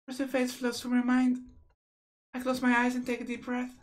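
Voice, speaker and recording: A woman's voice: high-pitched, monotone, moderate pace. A woman hosting a game playthrough, reading visual novel narration aloud in an earnest, emotional first-person way. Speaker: let's play host.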